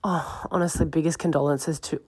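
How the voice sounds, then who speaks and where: A woman's voice: sits low, fairly even intonation, a little fast, noisy background. A woman leaving a mock-dramatic, teasing recorded message. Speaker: guest giving a recorded message.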